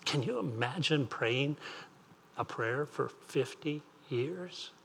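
A man's voice: medium pitch, slow, vocal fry, fairly bright tone, a little hiss or hum. A man preaching an earnest sermon as pastor, repeating phrases and asking rising questions.

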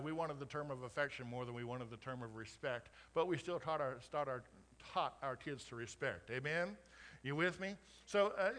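A middle-aged pastor from Colorado with a slight Oklahoma twang, preaching conversationally and climbing to emphatic peaks. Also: male voice, medium pitch, a bit bright. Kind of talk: sermon.

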